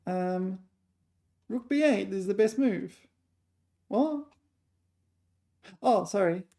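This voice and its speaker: A woman chess player thinking aloud while solving puzzles, muttering her move calculations in short fragments, a little hoarse. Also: mid-range voice, unhurried, warm tone.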